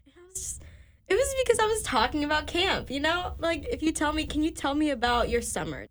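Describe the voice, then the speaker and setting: A young woman co-hosting a podcast, telling stories in a chatty, animated way, full of fillers. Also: fairly high pitch. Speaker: podcast co-host. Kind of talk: casual chat.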